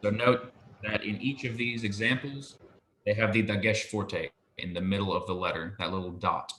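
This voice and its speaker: A man teaching a one-on-one Hebrew lesson, patient, explaining slowly and repeating pronunciations for his student. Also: fairly low pitch, steady tone, a bit bright, reverberant, a little hiss or hum.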